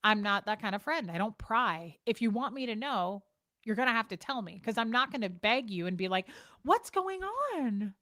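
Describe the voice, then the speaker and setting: With a mid-range voice and a sharp tone, a woman hosts a laid-back livestream chat from her home streaming space. She swears freely and speaks bluntly in a fast-shifting way, with no room sound in the recording.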